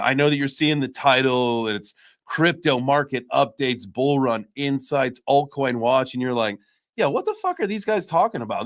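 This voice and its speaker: A man hosting a casual live-stream chat, hyping up his audience and joking around while swearing freely. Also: medium pitch. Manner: hype, playful, swears casually. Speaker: host.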